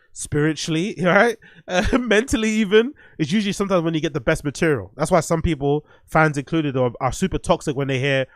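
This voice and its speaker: A man's voice: a little high, dry recording, studio quality. A man hosting a podcast, giving blunt, profane opinions in casual commentary and thinking aloud as he goes. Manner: thinks aloud with restarts and fillers. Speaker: podcast host.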